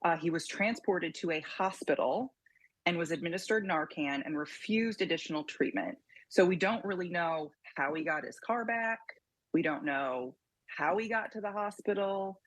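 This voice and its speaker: A woman panelist on a local news show, speaking earnestly and now and then restarting her sentences. Her voice sits very low for a woman, and the studio sound is dry and close. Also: animated, normal speed, dry recording, low-quality recording. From Tennessee.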